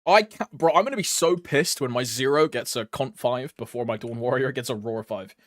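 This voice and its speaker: A man's voice: mid-range voice, brisk, no echo, clean studio sound. A young man chatting casually while streaming a game, rambling, laughing often and using crude slang.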